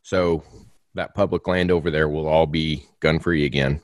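A very low-voiced man chats in a relaxed, teasing way and laughs easily. The sound is close and dry, with nothing around it. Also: moderate pace, dry recording. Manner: laid-back, laughs often, teasing. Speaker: podcast co-host. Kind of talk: casual hunting chat.

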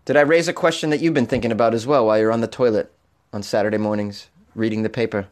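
An American comedy podcast host rants with jokey animation and casual profanity. He talks quickly, in a lowish voice.

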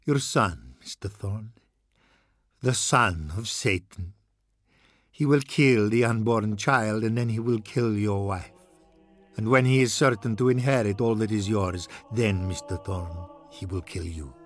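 A trembling, tearful priest warns of doom, as a man reads him aloud, in slow, hushed tones that sink into whispers. The voice is low and husky, with a dry, close sound. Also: no echo, faint music behind. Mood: ominous.

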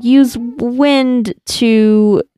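A woman's voice: fairly high pitch, fairly even intonation, very slow, dark tone, clear, resonant tone, no echo, clean studio sound. A woman explaining a cartoon in casual chat, hesitant, with many fillers and restarts.

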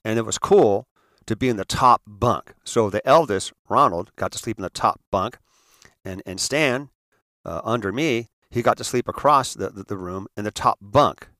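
A man from the San Francisco area telling a personal story in an earnest, halting way, often restarting and repeating words. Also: fairly low pitch, fairly bright tone, dry recording, studio quality. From San Francisco area, United States. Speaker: speaker telling his life story.

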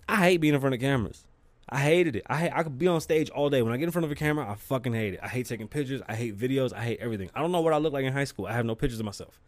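A man's voice: medium pitch, no echo. A man hosting his own podcast, talking casually and profanely and telling stories with lots of energy. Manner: profane, animated storytelling. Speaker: podcast host.

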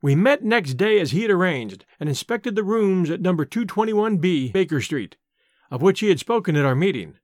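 A man narrating in clear, measured storytelling. His voice sits high and moves with animated pitch. The recording is dry and close. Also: no echo. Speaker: audiobook narrator. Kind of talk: scripted narration.

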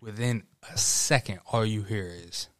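A man's voice: lowish voice, measured pace, dry recording. A man in casual podcast chat, telling a work story with lots of swearing, laughter and acted-out quotes. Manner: profane, laughing storyteller who acts out quotes. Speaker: podcast guest.

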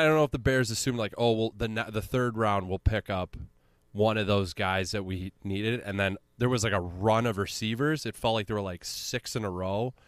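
A man's voice: lowish voice, no room sound. A man co-hosting a casual sports podcast, talking in a laid-back way with frequent chuckles. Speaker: podcast co-host.

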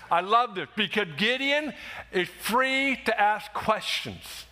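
A man preaching a sermon, animated and emphatic, acting out quoted voices and rising to shouts. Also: high-pitched, slow pace. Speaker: pastor.

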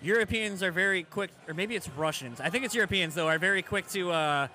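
A laid-back male podcast host with a high, bright, forceful voice. Faint music sits underneath. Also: brisk. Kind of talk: casual interview chat.

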